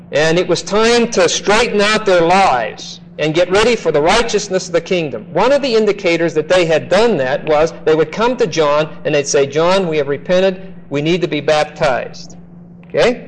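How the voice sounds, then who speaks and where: A man teaching a classroom Bible lecture, slow and emphatic, often checking in with "okay?". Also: high voice, slight background noise, rough recording.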